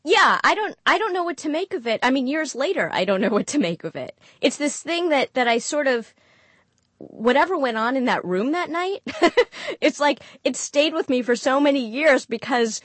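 A woman with a fairly high voice recounts a personal story, candid and animated, acting out each bit of quoted dialogue. The recording is dry and close, with no room sound. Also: normal speed, no room sound. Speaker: guest storyteller.

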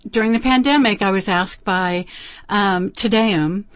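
A woman's voice: medium pitch, a little slow, dry recording. Chatty woman music director, dry studio. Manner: chatty storyteller, hesitant fillers. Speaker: early music ensemble director. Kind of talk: radio interview guest. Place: radio studio.

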